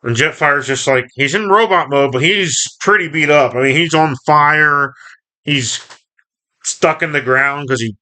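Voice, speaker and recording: A man's voice: a little high, a little slow, bright, forceful tone. A man casually reading and reviewing a comic book, recapping the story in a rambling, self-correcting way.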